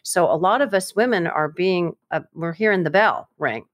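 A woman giving advice in a casual podcast chat, brisk and explanatory, with playful wordplay. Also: fairly low pitch, expressive, no room sound, clean studio sound.

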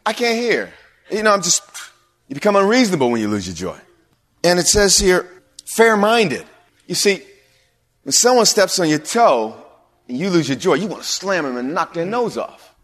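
A male pastor preaching a sermon in a church hall, animated, with sudden drops to a near-whisper. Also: sits high, moderate pace. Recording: long hall reverb.

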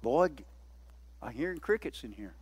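A man preaching a sermon as pastor, a lively, joking speaker who keeps calling out to his congregation. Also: medium pitch, moderate pace, slightly rough.

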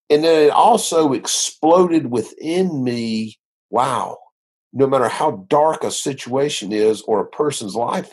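Husky male minister, earnest rambling storyteller, conversational interview. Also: a little high, a little mellow. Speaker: minister sharing his testimony.

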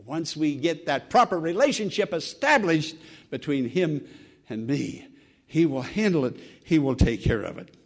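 A man's voice: on the high side, big pitch swings, moderate pace. A man preaching an earnest sermon, building to emphatic exclamations. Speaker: pastor.

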